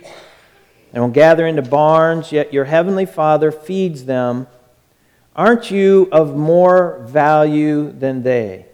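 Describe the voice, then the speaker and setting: A man preaching a sermon with fervor, moving between loud urging and a soft hush. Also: a little high, smooth, long reverb tail.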